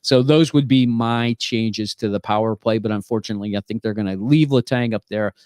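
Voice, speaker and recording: A man's voice: lowish voice, a little fast, a little mellow, smooth, dry recording. A man on a casual sports podcast, giving hockey opinions in an offhand, hedging way with fillers.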